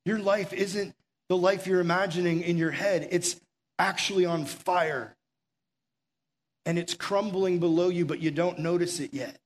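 A man's voice: high voice, fairly even intonation, measured pace. A man preaching a conversational sermon as pastor, urgent and full of rhetorical questions. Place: room with a gathered audience.

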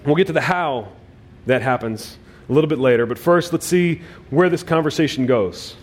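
A male pastor preaching a sermon, emphatic, with swings between loud and quiet phrases and frequent restarts. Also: fairly high pitch, animated, normal speed. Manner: repeats words as he restarts phrases.

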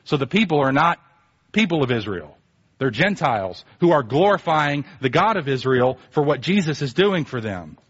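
A male preacher giving a conversational sermon, emphatic, swinging between quiet asides and animated bursts. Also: on the high side, moderate pace, husky, dull audio.

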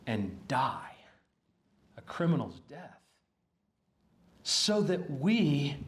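A pastor delivering a sermon in an earnest, halting way, often restarting phrases. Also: male voice, medium pitch, roomy sound.

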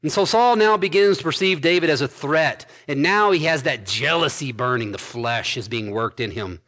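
A man preaching an expository sermon, building to emphatic points with quick asides. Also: fairly high pitch, animated, a bit bright. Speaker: pastor.

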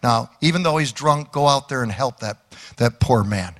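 A kind wife urges her husband in a hushed, lowered voice, as a preacher puts her on. Quiet and gentle, inside a sermon in a reverberant hall. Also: moderate pace, natural voice. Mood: gentle urging.

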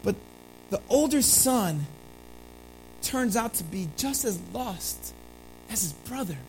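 A pastor preaching a sermon, calling listeners family, moving between quiet, slow lines and emphatic ones, with playful asides. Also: medium pitch, soft background music, poor audio. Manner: animated, swinging between hushed and emphatic delivery.

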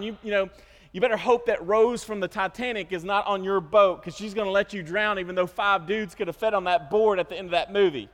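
A male pastor preaching a sermon, with animated storytelling, self-interruptions and joking asides. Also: high voice, a little fast. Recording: long hall reverb.

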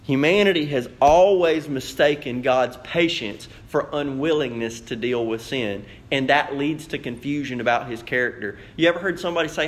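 A man preaching a sermon to a congregation, animated and playful, acting out questions in raised voices. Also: medium pitch, normal speed. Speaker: pastor. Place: church sanctuary.

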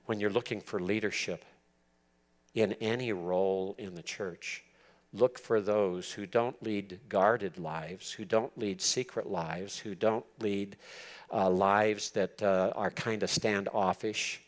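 A man's voice: on the low side, steady tone, takes it slowly. A man giving an expository sermon to church leaders, earnest and emphatic, repeating words for stress. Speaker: preacher teaching church leaders.

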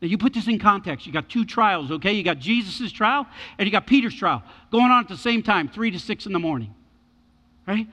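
Animated high-voiced male preacher. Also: a little fast, in a large hall. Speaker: pastor. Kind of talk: sermon.

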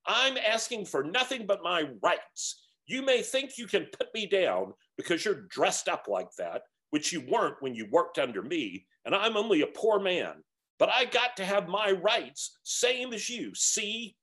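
A man's voice: medium pitch, huge pitch swings, a little slow, fairly bright tone. A man voicing a big, resentful male ghost in a story reading, speaking in a raised, strained, indignant voice. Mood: aggrieved.

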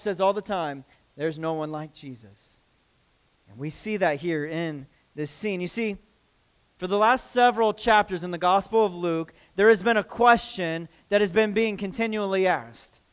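A man delivering an earnest sermon from the pulpit in a notably high voice. His tone is smooth and clear, and he often restarts his phrases as he works through the scripture. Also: fairly bright tone. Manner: earnest preaching with frequent restarts and acted quotes. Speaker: pastor.

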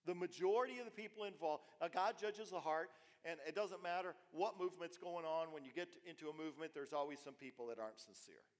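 A male pastor delivering a sermon in a fairly high voice, swinging from emphatic bursts to hushed asides and repeating himself as he builds a point. His words ring out with a long reverb through a church hall. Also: quick pace, few pauses. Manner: animated preaching with repetitions and sudden soft drops.

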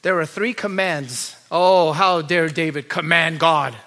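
Bright high-voiced preaching man. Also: unhurried. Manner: swings from low quiet asides to loud high-pitched urgent pleading; rhetorical questions and repeated lists. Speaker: pastor. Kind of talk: sermon.

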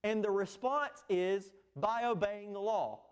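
A man's voice: high voice, a little slow, clean tone. A man preaching an expository sermon, earnest and emphatic, with fillers and restarts. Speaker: pastor.

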